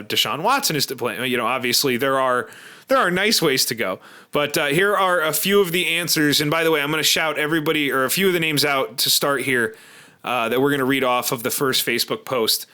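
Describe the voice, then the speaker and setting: A man's voice: mid-range voice, sharp tone. A man hosting a sports podcast, talking through a game in a rambling casual way, often restarting his sentences. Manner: rambling, self-correcting with repeated starts. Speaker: podcast host.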